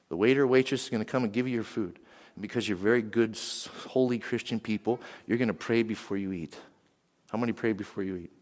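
A man from western Pennsylvania preaching a sermon, lively, and he keeps asking the crowd questions. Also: medium pitch. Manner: animated, asks the crowd questions. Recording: long hall reverb.

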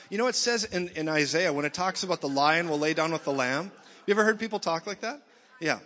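A man preaching a sermon in a church, blunt and jokey, swinging from loud to soft. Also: a little high, animated, brisk. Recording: dull sound in a reverberant hall.

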